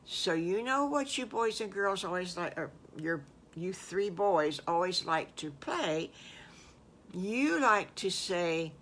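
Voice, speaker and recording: Grandmother storyteller, folksy and animated, unhurried, bright voice. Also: lowish voice, slight background noise. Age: older. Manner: folksy, animated, with asides to listeners. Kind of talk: improvised children's story narration.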